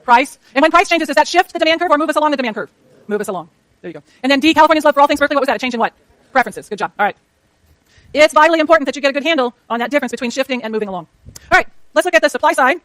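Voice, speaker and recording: A woman lecturing a university economics class, rushing through clicker questions and talking to herself as she works her slides. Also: high voice, animated, a bit bright, no echo. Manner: rapid, chatty, self-talk while working slides. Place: lecture hall.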